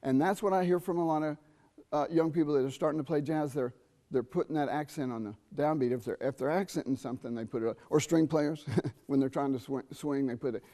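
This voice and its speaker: Middle-aged man, trumpet teacher, mellow tone, chatty masterclass talk, asks the room questions. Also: on the high side, brisk. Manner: conversational, quizzes the audience, sings rhythms. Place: university theatre stage.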